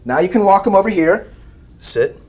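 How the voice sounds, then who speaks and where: Animated man teaching a class. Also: high-pitched, moderate pace. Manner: animated, acts out scenes with shouted mock voices. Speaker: animal behavior trainer. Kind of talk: live teaching talk to rescue volunteers.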